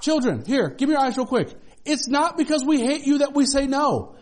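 A man with a notably high voice preaches to his congregation in church. He talks in a loose, conversational way and drops in humorous asides. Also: expressive, moderate pace, a little mellow. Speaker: pastor. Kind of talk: sermon.

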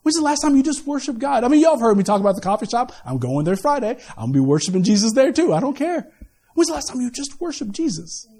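Male pastor, high-pitched, preaching an animated sermon with humorous asides. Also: quick pace. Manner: animated preaching with asides and laughter, swinging from loud to quiet.

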